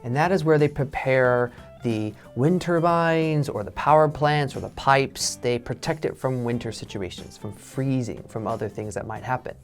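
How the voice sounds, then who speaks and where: A man in a relaxed English lesson, explaining with casual fillers. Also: mid-range voice, moderate pace, few pauses, faint music behind. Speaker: English teacher. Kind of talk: casual teaching chat.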